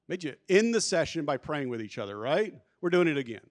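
A man with a slightly high voice leads a conference workshop, speaking with energy and emphasis. He keeps it conversational and often restarts his sentences as he drives home his points. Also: animated, fast talker, hardly any pauses. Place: conference hall. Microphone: handheld or lapel microphone.

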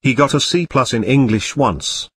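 A man narrating a parody storybook in a deadpan, steady reading. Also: medium pitch, normal speed, a little hiss or hum.

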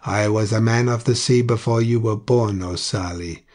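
A man's voice: on the low side, moderate pace, darkish tone, lightly acted. A man reading the part of an elderly, grave sailor who answers curtly and stiffly. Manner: curt and stiff.

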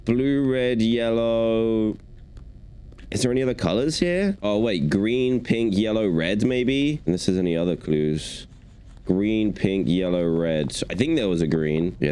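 A man's voice: low voice, animated, unhurried, mellow, smooth. A young man giving chatty, playful commentary while playing a video game. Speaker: gaming YouTuber. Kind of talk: gaming commentary.

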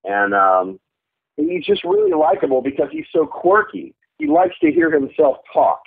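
A man in his thirties, a voice actor chatting in an interview, animated and laughing often as he slips into quick character voices. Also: on the high side, creaky. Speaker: voice actor guest. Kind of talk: casual interview chat. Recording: tinny phone-like archive audio.

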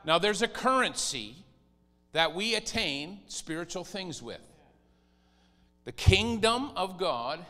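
A man preaching a sermon as pastor, animated and lively, sometimes mimicking whiny pleading voices. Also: fairly high pitch, in a large hall.

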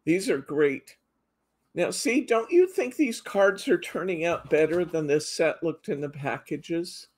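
A woman's voice: lowish voice, big pitch swings, a little slow, a little mellow, breathy edge. A middle-aged woman hosting a live craft demo, chatting casually and reading out viewer comments. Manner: chatty, reads out viewer comments, frequent laughs. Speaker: craft show host.

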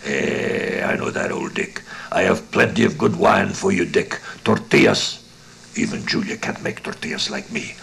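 A cheerful, hospitable desert innkeeper who talks in a low, gravelly voice, as an audiobook reader puts him on. His talk drops often into a sinister near-whisper, and his pitch swings widely between phrases in this dramatized reading. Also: animated, normal speed, full character voice, low-quality recording. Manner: hushed, sinister musing, slips into whispers. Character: cheerful one-legged Mexican desert innkeeper, hospitable man.

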